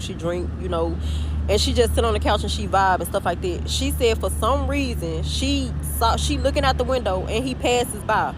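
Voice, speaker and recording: A woman casually telling a story, animated and profane, often calling her listeners "y'all". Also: medium pitch. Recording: noisy background with passing cars.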